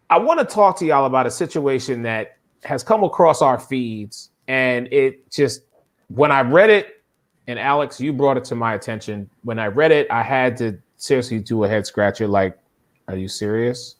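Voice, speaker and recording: A man hosts a live sports talk show in a casual, animated way. His voice sits at a middle pitch, and he exclaims and fires questions at his panel. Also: normal speed. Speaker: podcast host.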